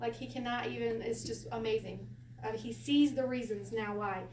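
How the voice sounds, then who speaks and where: A woman teaching a Hebrew lesson to a class, animated and quick to laugh as she acts out quotes. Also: on the high side. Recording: echoey room from a distance, faint hiss.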